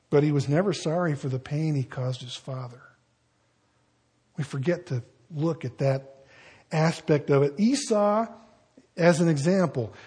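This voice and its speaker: Husky-voiced preacher, folksy and conversational. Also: male voice, high voice. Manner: conversational, folksy asides while reading scripture. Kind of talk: sermon.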